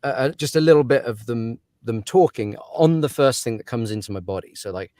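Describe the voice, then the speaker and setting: A man's voice: mid-range voice, brisk, darkish tone, no room sound. A man who narrates audiobooks, talking through his craft in a casual interview, thoughtful and given to laughs and fillers.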